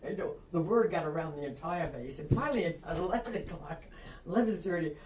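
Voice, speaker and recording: A woman's voice: on the low side, brisk. An older woman from Long Island with a Long Island accent, an author telling a story in an interview, acting out quotes and laughing often. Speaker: author guest. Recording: echoey room, distant mic, faint noise.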